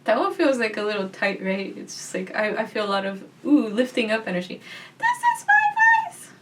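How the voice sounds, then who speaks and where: A young woman guiding a gentle voice practice in a soft, calm, reassuring way. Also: mid-range voice, a little fast, distant mic, background noise. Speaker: voice teacher.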